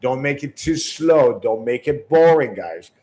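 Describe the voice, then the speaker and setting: On a rough recording, a man with a medium-pitched, expressive, mellow voice speaks a little slowly. He's a sales trainer giving an instructional talk on sales calls, offering direct coaching advice while tripping over repeated words and tagging on "right?".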